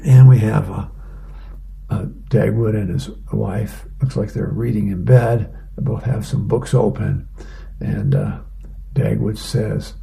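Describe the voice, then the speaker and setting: Slow gravelly guy reading the paper out loud, dark voice, unhurried with ums. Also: on the low side. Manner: plain, unhurried reading with fillers. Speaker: newspaper reader on a reading program. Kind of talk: reading aloud from a newspaper.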